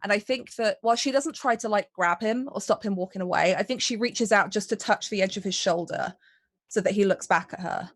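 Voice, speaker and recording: A woman's voice: medium pitch, brisk, no echo. A woman playing her character in a tabletop game, thoughtfully describing the character's feelings and actions. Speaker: player.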